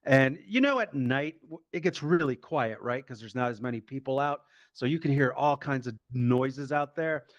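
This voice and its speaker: A man doing stand-up comedy, telling a story in a lively, profane way and acting out the voices of the people in it. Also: medium pitch, normal speed, hardly any pauses, no room sound, highs cut off. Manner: animated, profane, acts out quoted voices.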